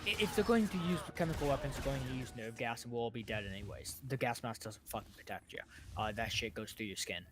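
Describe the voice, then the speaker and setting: A man from the United States streaming a game, chatting casually in a rambling, halting way with many restarts. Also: medium pitch, background noise. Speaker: streamer, former soldier. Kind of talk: casual chat while gaming.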